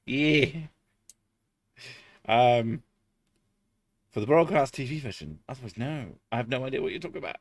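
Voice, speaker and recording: A man's voice: mid-range voice, normal speed, long pauses, no room sound. A man chatting casually on a live stream, swearing freely and laughing often.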